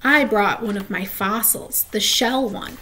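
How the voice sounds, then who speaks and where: A woman's voice: mid-range voice, measured pace, background noise, lightly acted. A woman voicing an imaginative, theatrical young schoolgirl with a mysterious air. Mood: earnest.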